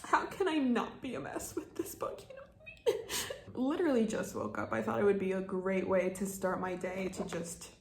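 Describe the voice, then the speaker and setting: A woman's voice: medium pitch, normal speed, hardly any pauses. A young woman book vlogger talking casually, tearful and laughing through tears, dramatic about a book. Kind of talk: casual vlog. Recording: roomy echo, faint noise.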